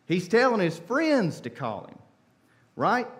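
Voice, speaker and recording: A man preaching a sermon, telling the story in a folksy, animated way with casual asides. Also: sits high, takes it slowly. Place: church sanctuary.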